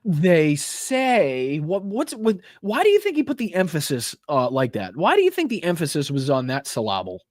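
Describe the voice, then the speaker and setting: A man's voice: fairly high pitch, huge pitch swings, a little fast, few pauses, no room sound, studio quality. A man ranting on a political live stream, swearing heavily, stressing words and tagging lines with "right?". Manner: heavy swearing, emphatic, repeats 'right?'.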